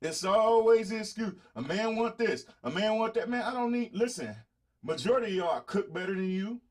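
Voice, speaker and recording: A middle-aged man with a Southern drawl talks straight to his viewers, boastful and confrontational, swearing freely. His voice sits a little high for a man. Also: expressive, normal speed. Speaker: podcast host. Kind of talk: blunt casual monologue to viewers.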